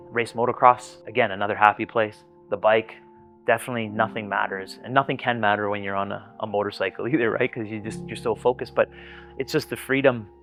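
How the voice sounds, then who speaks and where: A man's voice: lowish voice, a bit bright, highs cut off. Blunt, earnest man telling his own story. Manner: earnest, blunt, swears freely, repeats words when starting sentences. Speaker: interviewee sharing personal experience. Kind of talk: candid personal testimony.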